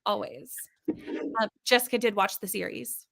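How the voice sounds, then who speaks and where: A woman's voice: mid-range voice, expressive, a little slow, creaky, a bit bright. A woman with a Canadian accent hosting a live reading stream, chatting casually and greeting viewers by name as she reads their comments aloud. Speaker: livestream host.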